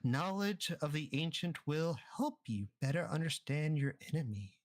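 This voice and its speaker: A guy voicing a mysterious old fortune teller woman, slow and cryptic, bouncy pitch, dry mic. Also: sing-song, no echo. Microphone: online voice chat mic.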